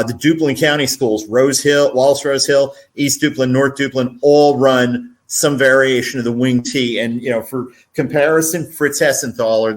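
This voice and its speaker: Dry, understated sportswriter guest. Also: male voice, mid-range voice. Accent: North Carolina. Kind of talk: radio interview.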